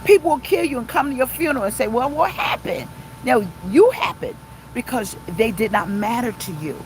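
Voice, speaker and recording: A woman's voice: on the high side, slight background noise, low-quality recording. A woman pastor preaching an informal livestream sermon, emphatic and repeating her points to viewers. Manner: emphatic, repeats phrases, talks to live viewers.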